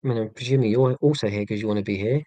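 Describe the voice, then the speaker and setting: A man's voice: lowish voice, rapid-fire, dark tone, dry recording, muffled recording. An English man hosting a casual live stream, rambling and self-mocking, with many ums. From England.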